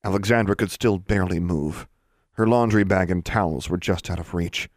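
A man narrating a fantasy story in a steady, even storytelling manner. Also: sits low, moderate pace, no room sound, studio quality. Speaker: audiobook narrator.

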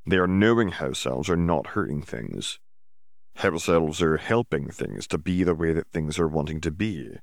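A man's voice: very deep voice, vocal fry, no room sound, studio quality, exaggerated voice. A man voicing a humble, earnest male house elf who speaks of himself in the third person with odd grammar.

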